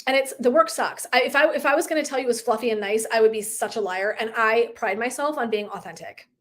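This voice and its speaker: A middle-aged woman with a slightly high voice hosts a casual livestream. She is chatty and earnest, leaning on "like" and "right?" as she coaches her viewers. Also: fast talker, a bit bright. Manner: chatty, heavy use of "like", earnest and emotive. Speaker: wellness coach.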